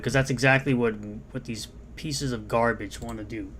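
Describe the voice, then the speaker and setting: A man's voice: medium pitch, steady tone, moderate pace, fairly bright tone, slight background noise. A man in a played video clip, commenting sarcastically and indignantly on what he reads.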